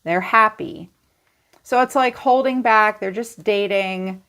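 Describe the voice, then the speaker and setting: A woman's voice: mid-range voice, slow, fairly bright tone, clean tone. Chatty, blunt woman reading tarot. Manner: blunt, chatty, swings into playful quoted voices. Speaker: tarot reader. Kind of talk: casual tarot reading to camera.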